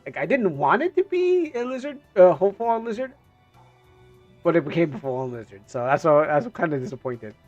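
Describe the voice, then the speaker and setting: A man streamer talks over game music in a fairly high, lively voice. He rambles, halts and restarts as he reacts. The sound is dry and a little dull. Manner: rambling, halting, many fillers and restarts. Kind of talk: casual game commentary.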